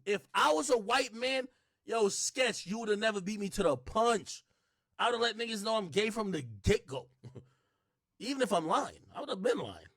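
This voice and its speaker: A man hosting a livestream, talking in a casual rant that swings from low mutters to shouted bursts. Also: dry recording, studio quality. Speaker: livestream host.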